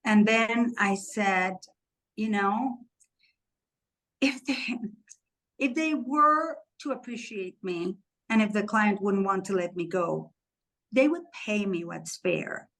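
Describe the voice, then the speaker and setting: A woman's voice: medium pitch, slow, fairly bright tone, low-quality recording. A woman co-hosting a podcast, telling a candid and emotional personal story in casual chat. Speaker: podcast co-host.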